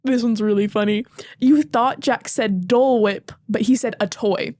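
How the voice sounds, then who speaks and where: A woman's voice: a little high, moderate pace, darkish tone, dry recording. Casting: teen girl guest on a podcast, giggly and rambling, dry close sound. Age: teens. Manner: giggly, rambling with many likes and ums. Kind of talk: casual chat.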